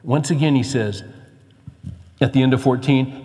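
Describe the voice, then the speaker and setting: In a dark-toned voice at moderate speed, a male preacher shifts from relaxed asides to forceful exhortation, lowering his voice for quoted scripture. The sound has the spaciousness of a big room.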